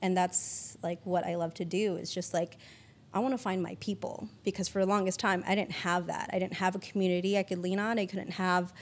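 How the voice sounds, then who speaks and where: A woman's voice: on the low side, little pitch movement, brisk, a little hiss or hum. A woman producer chatting casually as a podcast guest, peppering her talk with "like" and the odd swear. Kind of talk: casual interview chat.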